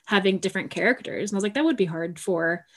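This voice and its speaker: A relaxed woman co-hosting a podcast, chatting casually. She jokes easily and drops in quoted asides. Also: medium pitch, quick pace. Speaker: podcast co-host. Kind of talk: casual chat.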